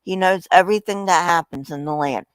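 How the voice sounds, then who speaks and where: A woman's voice: lowish voice, brisk, clear, resonant tone, no room sound, lightly acted, rough recording. A woman reading as a pleading, humble widow.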